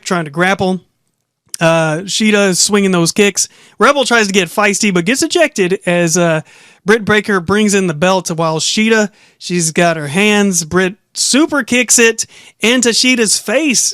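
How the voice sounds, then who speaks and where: A man's voice: high-pitched, fairly bright tone, clean tone, no room sound, clean studio sound. A young man casually recapping and giving opinionated commentary, rambling with frequent restarts. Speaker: wrestling show reviewer.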